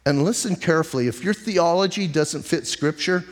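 A male pastor delivers a conversational sermon with a slightly high voice, firing off rhetorical questions and dropping into slow, deliberate emphasis on key lines. His words ring out with a long reverb tail, as in a church sanctuary. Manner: emphatic, slows down on key phrases.

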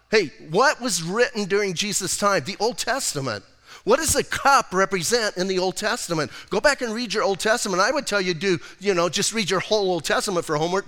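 An American male pastor preaches in a lively, conversational way, slipping into acted-out voices for quotes. His voice sits high and sounds bright and forceful. Long reverb from a church hall trails behind every phrase. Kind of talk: sermon. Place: church sanctuary.

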